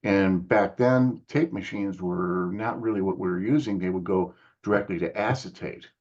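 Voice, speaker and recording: Older man telling a lively story. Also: normal speed, highs cut off. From United States. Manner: animated storyteller, acts out others' lines in higher voices. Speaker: musician guest. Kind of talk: casual storytelling interview.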